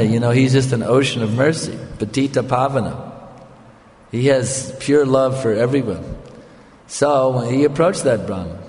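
A man's voice: mid-range voice, a little mellow. An older man giving a storytelling sermon as a spiritual teacher, speaking conversationally and often checking in with his listeners. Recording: long reverb of a hall.

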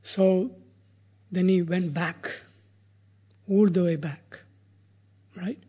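Earnest guy telling a holy epic, husky, warm mellow tone. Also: high voice, extremely slow. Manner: earnest, animated, voices the characters. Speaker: religious storyteller. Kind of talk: retelling a sacred epic as a sermon.

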